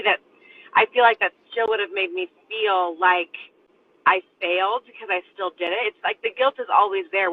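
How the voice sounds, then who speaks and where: A woman host sharing her own story openly and earnestly in a live online interview. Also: medium pitch. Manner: earnest, open, speaks in repeated parallel phrases. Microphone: video call. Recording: tinny phone-like line with faint noise.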